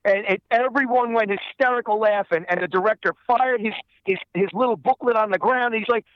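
A man with a high voice tells a profane story, looping back over his own phrases and cursing as he goes. The sound is dry and a bit dull, as if it were slightly muffled. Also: brisk, dry recording. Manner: rambling, repeats himself, lots of swearing. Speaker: guest voice actor. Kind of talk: profane anecdote telling.

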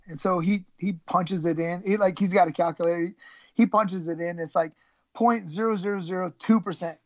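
A man, a former college wrestler, telling his story as a podcast guest in a halting, candid way, with many restarts. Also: high-pitched, steady tone, a little mellow, no room sound, highs cut off.

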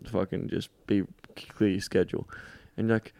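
A man, hosting a podcast in casual chat, telling stories quickly and swearing freely. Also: low voice, little pitch movement, vocal fry, mellow, no room sound. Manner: fast, swearing, storytelling. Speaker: podcast host.

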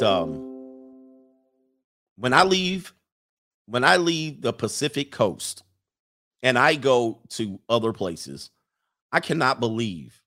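A man's voice: medium pitch, a bit bright. A man hosting a casual livestream, reading viewer comments and rambling through blunt opinions with frequent laughs.

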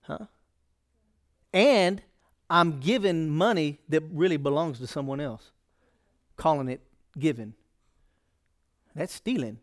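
Folksy preaching man, slightly high voice. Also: slow pace, long pauses. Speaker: pastor. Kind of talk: sermon.

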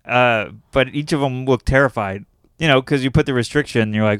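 A man's voice: mid-range voice, brisk, a bit bright, smooth, no room sound, studio quality. A young adult man, a comedian, telling a story in casual chat and laughing often at himself. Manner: laughs often while telling stories, self-deprecating.

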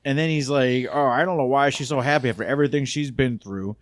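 A young adult man talks through a film plot for his co-hosts in a relaxed, rambling way. He slips into the characters' lines as he goes. His voice sits at an ordinary pitch and sounds dry and close, with no room around it. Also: quick pace, no echo. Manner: laid-back storytelling, acts out characters' lines. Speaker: podcast co-host. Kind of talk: casual chat recapping a movie.

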